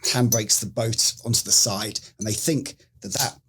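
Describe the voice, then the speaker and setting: A man's voice: fairly low pitch, normal speed, slightly rough. A middle-aged British man, a former special forces medic, telling a story in a casual interview and acting out what people said. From United Kingdom. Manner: animated storyteller who acts out quoted lines.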